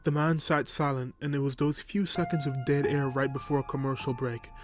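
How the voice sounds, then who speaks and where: A man narrating a first-person horror story in a steady, even storytelling manner. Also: medium pitch, brisk. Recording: music bed under voice.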